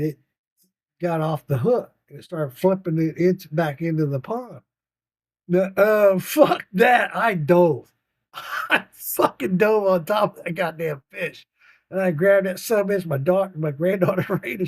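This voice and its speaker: A man's voice: high voice, no echo. An older man telling a rambling, profane story about his grandchildren, laughing often. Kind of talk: casual storytelling.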